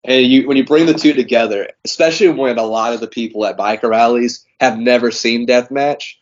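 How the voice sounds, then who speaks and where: A man's voice: medium pitch, steady tone, fairly quick. A man being interviewed as a wrestling guest, telling stories in a laid-back, rambling way with lots of fillers. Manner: laid-back storytelling, many fillers, laughs often. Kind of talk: casual interview chat. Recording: dull lo-fi sound.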